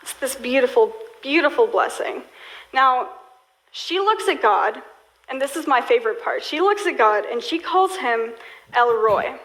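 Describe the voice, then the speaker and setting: Young-sounding woman preaching, high voice, rambly and casual, lots of likes. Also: expressive, unhurried, a bit bright, rough recording. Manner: chatty storytelling, lots of filler "like". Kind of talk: sermon.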